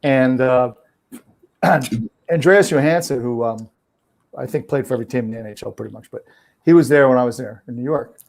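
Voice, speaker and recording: A man's voice: medium pitch, a little fast, gravelly, long pauses, darkish tone. A middle-aged man with a New Jersey accent, a trainer guest telling easygoing, joking stories in a casual chat.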